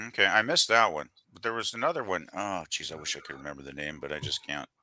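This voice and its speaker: A man's voice: rumbling low, quick pace, bright, forceful tone, no room sound. A man in a casual chat, easygoing and agreeable, often searching for words.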